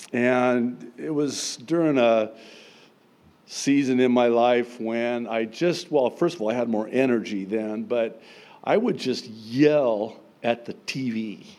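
A middle-aged man preaches a sermon at an unhurried, deliberate pace, his voice sitting at an ordinary middle pitch. He leans into emphasis, pokes fun at himself, and now and then breaks into a loud outburst. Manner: slow, emphatic preaching with self-deprecating humor and sudden loud outbursts. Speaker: pastor.

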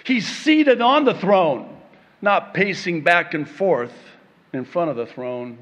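Male preacher, slightly high voice, slow deliberate sermon delivery, long hall reverb. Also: expressive, a bit bright, highs cut off. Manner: slow, dramatic delivery with playful acted-out quotes and laughter.

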